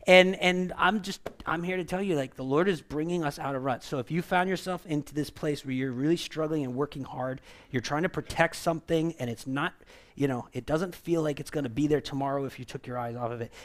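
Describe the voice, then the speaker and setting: A man preaching a conversational sermon, animated and full of asides, then leading a prayer. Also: on the high side, brisk. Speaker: pastor.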